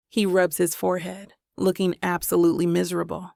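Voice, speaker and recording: Woman, audiobook narrator, first-person storytelling, slow and deliberate, dry close sound. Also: fairly low pitch, monotone, vocal fry, dry recording.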